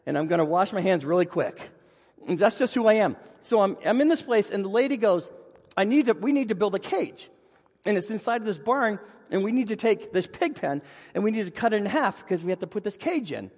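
A man with a high voice preaches from the pulpit, telling funny stories about himself in an animated way. His voice rings out with a long reverb, as in a church sanctuary. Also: fairly quick. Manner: animated storyteller, self-deprecating humor. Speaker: pastor. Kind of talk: sermon with personal storytelling.

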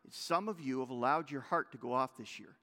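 A male pastor delivering a sermon, swinging from loud exhortation to hushed intensity. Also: medium pitch, a little fast. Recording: long hall reverb.

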